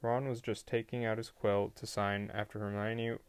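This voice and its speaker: A man reading a novel aloud as an audiobook, telling the story in a plain, even way with an occasional slip. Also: on the low side, moderate pace, clear, resonant tone, no room sound. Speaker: audiobook reader.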